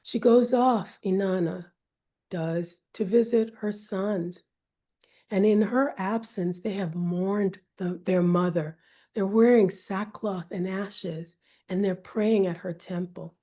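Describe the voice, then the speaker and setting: Woman storyteller, slow and warm-toned, measured and dramatic, drops to whispers. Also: mid-range voice, steady tone. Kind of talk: oral myth storytelling.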